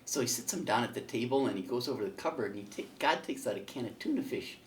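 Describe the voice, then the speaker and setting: A man leads a parish faith class, telling stories in a relaxed, folksy way with plenty of "uh"s. His voice rises and falls a lot, and it is picked up from a distance in the meeting room. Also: medium pitch, quick pace, roomy sound, a little hiss or hum. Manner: storytelling, folksy, with fillers. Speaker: catechism teacher. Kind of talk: casual classroom teaching with a told joke.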